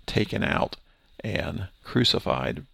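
A man's voice: sits low, animated, takes it slowly, bright, forceful tone, no echo, clean studio sound. A man teaching through a Bible passage verse by verse, explaining in a conversational way with restarts. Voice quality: gravelly, husky voice.

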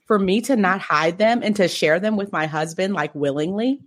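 Woman, low register, animated and playful storyteller, casual group podcast chat. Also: normal speed.

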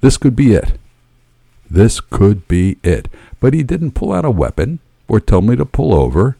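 A man's voice: mid-range voice, very animated, a little fast, creaky, warm tone, slightly rough, no echo, clean studio sound. A man narrating a first-person story in a dramatic, wry manner.

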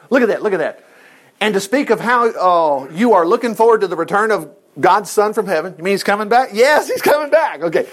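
An older man preaching a sermon, reading Bible verses aloud and commenting in a folksy, joking, conversational way. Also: high voice.

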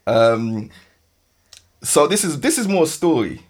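A man in his thirties with a London accent, hosting a podcast and telling an animated story with frequent laughs. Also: fairly high pitch, a little slow. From West London. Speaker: podcast host. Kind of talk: casual storytelling chat.

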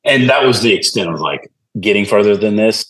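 A podcast guest speaks briskly in a fairly low voice, spinning stories in a casual chat. Whenever he quotes people, he animatedly acts out how they sounded.

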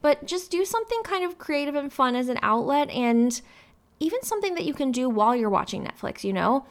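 A woman's voice: high-pitched, sing-song, a little fast. Chatty young woman podcaster. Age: 20s. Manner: rambling, chatty, upbeat, many fillers. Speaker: podcast host. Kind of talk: casual solo podcast talk.

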